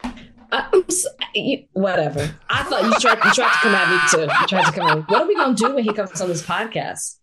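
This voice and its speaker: A woman co-hosting a podcast in casual chat, laughing often and pushing back quickly. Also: mid-range voice, big pitch swings, very noisy. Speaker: podcast co-host.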